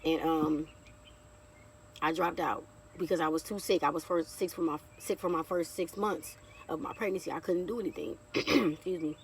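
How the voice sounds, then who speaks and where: A woman's voice: sits low, steady tone, moderate pace, recorded from a distance, slight background noise. A woman in her thirties sharing a heartfelt personal testimony in a casual vlog, talking straight to her viewers and calling them y'all. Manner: heartfelt, chatty, keeps addressing viewers as y'all. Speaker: vlogger.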